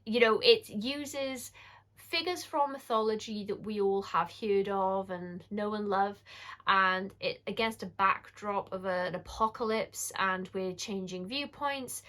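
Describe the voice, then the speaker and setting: Woman, British accent, forties, vlog host, chatty, rambling asides, mid-pitched voice. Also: fairly bright tone. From United Kingdom. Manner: chatty and candid, rambling with quick self-corrections and asides. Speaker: horror book reviewer. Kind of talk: casual book-review vlog.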